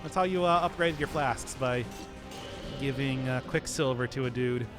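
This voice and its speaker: Over background music, a man from the American Midwest chats casually while streaming gameplay, his commentary rambling and full of giggles and laughs. He speaks with a Midwestern accent in a mid-range voice at normal speed.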